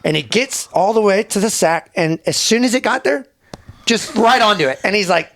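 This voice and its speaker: A man guesting on a podcast, telling a story in casual chat, animated and profane, often laughing as he goes. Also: sits high, moderate pace. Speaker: podcast guest, former Navy bomb disposal tech. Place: podcast studio.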